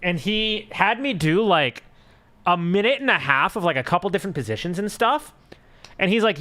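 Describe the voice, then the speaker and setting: A man's voice: sits high, expressive, normal speed, bright, forceful tone. A young man chatting casually on a live stream, telling a rambling story full of fillers and swearing.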